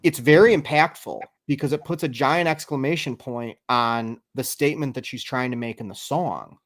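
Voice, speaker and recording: A man hosting a casual podcast chat, animated and swearing freely, his voice jumping up when he gets excited. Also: mid-range voice, normal speed. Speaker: podcast host.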